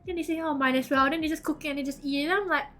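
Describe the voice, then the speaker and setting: A woman's voice: high voice, fairly even intonation, rapid-fire, fairly bright tone. A woman chatting casually as a streamer, giggly and chatty with loose grammar. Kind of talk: casual reaction chat.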